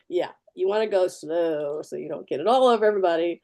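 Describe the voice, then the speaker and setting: A woman's voice: medium pitch, fairly quick, warm tone. A woman artist giving a live fountain pen demo, chatty and practical, repeating key words for emphasis. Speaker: artist demonstrating fountain pens.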